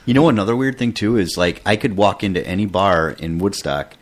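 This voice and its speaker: A male podcast co-host with a somewhat low voice talks in a relaxed, reflective way. He rambles through his thoughts with frequent fillers and restarts. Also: a little fast. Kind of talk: casual chat.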